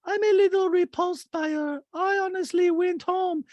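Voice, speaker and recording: A man putting on the voice of a haughty, disgusted, dramatic grown woman, drawn-out and theatrical. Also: extremely high pitch, fairly even intonation, a little mellow, no room sound, muffled recording, pitched above the performer's own voice.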